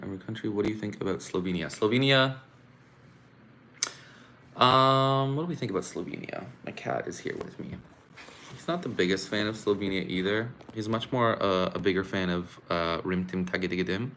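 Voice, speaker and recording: Man, live-stream host, chatty, exasperated, fairly low voice, bright tone, faint room hum. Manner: frustrated, chatty, exclaims and laughs at his own complaints. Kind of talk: casual live-stream chat. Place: home room.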